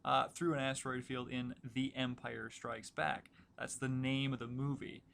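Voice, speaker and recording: A man teaching a recorded writing lecture, explaining in a casual, relaxed way with many fillers as he works through examples at his computer. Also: mid-range voice, normal speed, gravelly, a little hiss or hum. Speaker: writing instructor.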